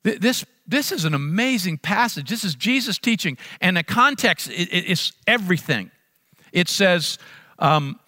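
A man's voice: high voice, expressive, normal speed, bright, forceful tone, no echo, clean studio sound. A middle-aged man preaching a sermon as pastor, emphatic and repeating key phrases for stress.

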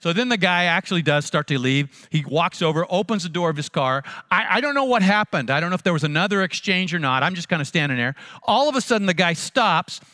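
A man, a pastor, telling a funny story in a sermon with animated, self-mocking comic timing. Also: high voice, fast.

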